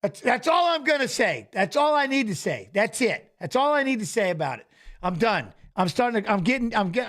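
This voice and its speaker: An excitable man chats casually on a live stream, joking and laughing often. His voice sits high and bounces with lively swings in pitch. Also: normal speed. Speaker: watch-along co-host.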